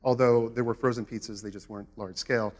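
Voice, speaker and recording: A man giving a conference talk in a relaxed, conversational way with frequent "uh" fillers, recorded with a presenter mic in a conference hall. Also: medium pitch, fast talker. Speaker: conference speaker.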